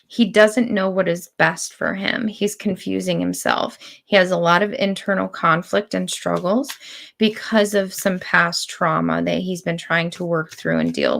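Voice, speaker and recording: A woman giving spiritual readings on a live stream, speaking in slow, deliberate, drawn-out phrases. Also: lowish voice, creaky, fairly bright tone. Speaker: spiritual reader.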